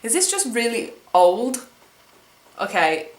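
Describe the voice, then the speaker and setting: Speaking slowly with big swings in her slightly high voice, an English vlogger in her twenties answers tag questions at home. She's chatty, wry and self-mocking, and the room sounds roomy.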